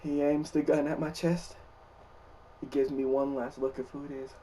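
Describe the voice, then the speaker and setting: A young man casually telling a dream story for a vlog, animated and loud, jumping to shouts when he quotes himself. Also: on the high side, moderate pace, far from the mic, slight background noise.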